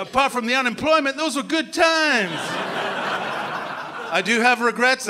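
A man from Canada doing live stand-up comedy, shouting and slipping into silly put-on voices and accents. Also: high voice.

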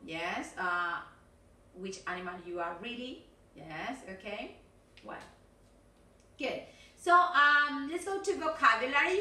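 A woman's voice: sits high, pushed and bright. A middle-aged woman teaching an English video lesson, chatty and encouraging, with frequent "okay" and "yes". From Argentina. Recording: echoey room, distant mic.

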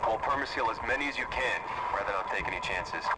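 An actor playing a calm male worker giving matter-of-fact updates over a radio. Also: on the low side, fast talker, far from the mic, very noisy.

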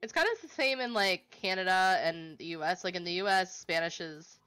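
A woman's voice: lowish voice, fairly quick, bright, forceful tone, clean tone. A woman joining a casual co-op gameplay chat as a guest, upbeat and chatty. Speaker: co-op guest player.

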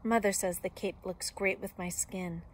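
A woman reading aloud and voicing a vain little girl in a red cape, high and preening. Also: fairly even intonation, normal speed, a little hiss or hum, lightly acted.

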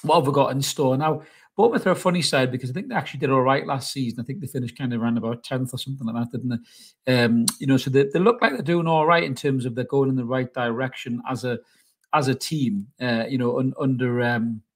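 A man's voice: medium pitch, fast, husky. A man hosting a casual football match preview, blunt and opinionated. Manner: blunt, opinionated, swears about rivals. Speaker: football channel host.

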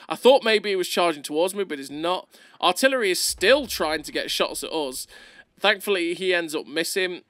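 A man doing excitable, playful gameplay commentary over a video, laughing often, recorded close on a desk mic. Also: high-pitched, moderate pace, dry recording.

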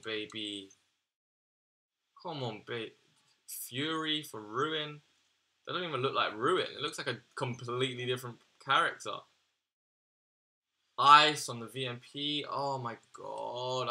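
Bright-voiced young man ranting. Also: medium pitch, unhurried. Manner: exasperated, swearing, slangy and excitable. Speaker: gaming YouTuber. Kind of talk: casual gaming commentary.

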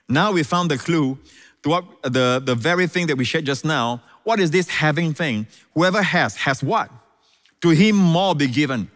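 A man's voice: on the high side, fairly bright tone. A man preaching a sermon as pastor, emphatic, repeating key phrases and often exclaiming praise. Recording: reverberant hall.

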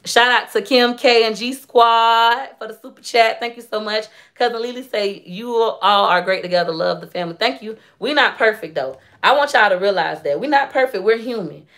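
A woman's voice: on the high side, normal speed, few pauses, a bit bright. A young adult woman vlogging in casual chat to her viewers, candid and emotional, telling stories in long run-on sentences. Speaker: YouTube vlogger.

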